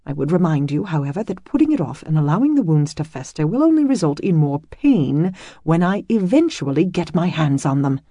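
A narrator voicing a stubborn, gentle female healer who speaks in formal archaic phrasing. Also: sits low, very animated, brisk, breathy edge, dry recording, full character voice. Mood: firm. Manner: archaic formal speech, firm and placid.

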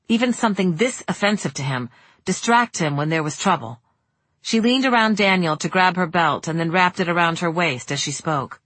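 A woman reading a novel aloud in steady audiobook narration. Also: on the low side, husky, dry recording.

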